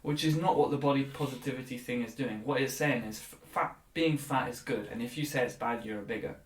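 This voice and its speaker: A man's voice: mid-range voice, a little fast. A man co-hosting a podcast, giving blunt opinions in casual chat and swearing freely. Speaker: podcast co-host. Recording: roomy, distant from the mic, faint noise.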